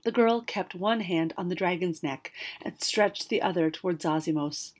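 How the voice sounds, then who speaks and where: A woman narrating a fantasy storybook aloud, expressive, with occasional slips and restarts. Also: fairly low pitch, normal speed.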